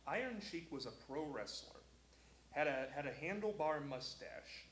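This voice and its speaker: A man's voice: on the high side, moderate pace, echoey room, slight background noise, rough recording. A man hosting a local talk show, chatting and telling stories on air. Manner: storytelling, animated. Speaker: host. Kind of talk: casual talk show chat.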